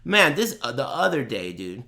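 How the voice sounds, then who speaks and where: A man's voice: mid-range voice, big pitch swings, normal speed, creaky, sharp tone. A man streaming, ranting and joking at length to his chat in a casual, profane, mocking way while watching a tournament. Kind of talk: casual livestream rant.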